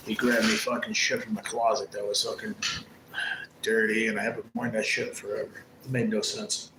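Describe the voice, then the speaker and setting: A man's voice: on the low side, flat delivery, fairly quick. A man hosting a casual livestream, rambling and swearing a lot as he talks with viewers. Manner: profane, rambling and aggrieved. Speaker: livestream host. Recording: echoey room with background noise.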